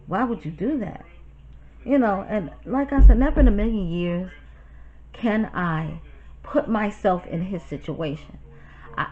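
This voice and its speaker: A woman from New York telling a personal story to her viewers in a blunt, profane, animated way. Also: mid-range voice, dull audio. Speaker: YouTuber. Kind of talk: storytime vlog.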